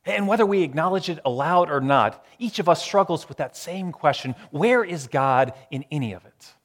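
A man preaching a sermon, moving between raised emphatic lines and hushed, slow repetitions. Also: a little high, expressive, long reverb tail.

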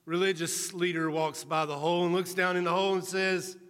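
A male preacher giving an earnest sermon, telling a story in a measured, storytelling manner. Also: high voice, little pitch movement, a bit bright, smooth. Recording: reverberant hall.

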